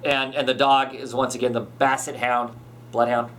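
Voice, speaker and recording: A man's voice: medium pitch, little pitch movement, moderate pace, fairly bright tone, slight background noise. Rambling man recapping a comic. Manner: rambling, many fillers and restarts. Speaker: podcast host. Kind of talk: casual chat recapping a comic.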